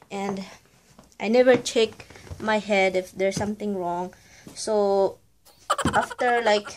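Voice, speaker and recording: At home indoors, a Filipino woman vlogs in a casual, rambling chat, often correcting herself. Her voice is medium-pitched and darkish, with a little hiss or hum in the audio.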